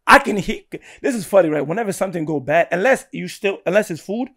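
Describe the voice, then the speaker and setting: A young man from Guinea, a podcast guest telling a story in casual chat, animated and laughing, often checking in with "right?". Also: high voice, quick pace.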